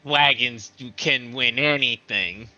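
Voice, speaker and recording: A man's voice: mid-range voice, takes it slowly, sharp tone, highs cut off, soft background music. A man voicing a simple-minded, eager dragon-like creature who talks in broken, childlike grammar.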